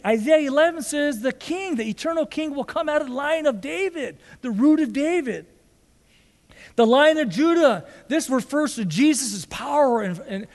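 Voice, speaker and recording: High-voiced pastor preaching in a reverberant hall. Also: male voice, darkish tone. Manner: emphatic, repeats rhetorical questions. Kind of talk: sermon.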